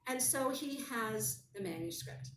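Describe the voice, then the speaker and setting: A woman guest telling a story in casual conversation, animated and wry. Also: a little high, a little slow, a little hiss or hum. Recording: roomy, distant mic, faint ambience.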